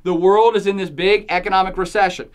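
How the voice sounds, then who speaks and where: A woman talks through a podcast episode in a jokey, sarcastic voice, tossing in emphatic asides and laughing often. Her voice sits at a middling pitch for a woman. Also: fairly even intonation, brisk. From United States. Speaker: podcast host. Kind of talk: opinionated podcast commentary.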